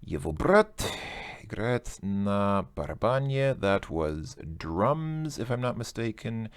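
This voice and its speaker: A man's voice: on the low side, very animated, slow pace, smooth, dry recording, studio quality. A man working through a language test aloud in a casual recorded lesson, hesitant and correcting himself as he goes.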